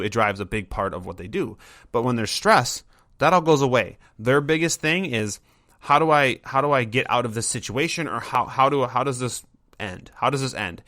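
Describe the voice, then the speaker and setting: Bright-voiced man hosting a casual podcast. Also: mid-range voice, no echo, clean studio sound. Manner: loose, offhand and conversational, with mild swearing. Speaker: dog trainer and podcast host.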